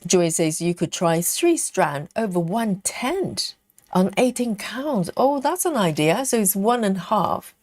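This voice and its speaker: Woman host reading out viewer comments in an unhurried, um-filled chat; dry, close recording. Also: medium pitch, big pitch swings, darkish tone, no echo. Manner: unhurried, thinking aloud with many ums. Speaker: cross-stitch livestream host.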